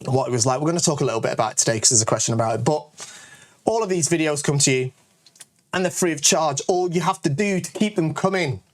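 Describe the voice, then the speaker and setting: A man's voice: a little high, quick pace. A man with a northern English accent, hosting a casual, jokey question-and-answer video and often tagging lines with "all right?". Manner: chatty, jokey, self-promoting, lots of "all right?" asides. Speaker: kendo channel host and shop owner. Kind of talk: casual Q&A rant to camera.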